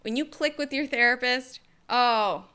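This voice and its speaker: A young woman telling her personal story to camera in a casual, energetic way, expressive and quick, with playful asides. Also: on the high side, smooth. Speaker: vlogger sharing her story.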